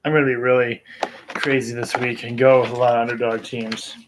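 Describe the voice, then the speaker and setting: A man hosting a live-streamed baseball picks show, talking in a relaxed way with lots of ums and chuckles. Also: medium pitch, a little fast, noisy background. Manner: relaxed, filler-heavy, chuckling. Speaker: host.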